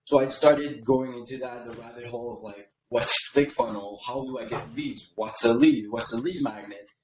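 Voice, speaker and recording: A man's voice: mid-range voice, moderate pace, echoey room, a crowd in the background, low-quality recording. A man from Canada, a podcast guest, telling his story in a casual, rambling way and often tagging lines with "right?". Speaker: podcast guest, email copywriter.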